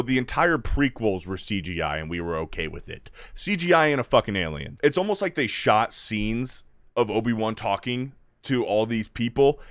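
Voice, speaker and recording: A man's voice: medium pitch, dry recording, clean studio sound. A man giving a casual, exasperated review full of swearing, now and then mocking characters in put-on voices.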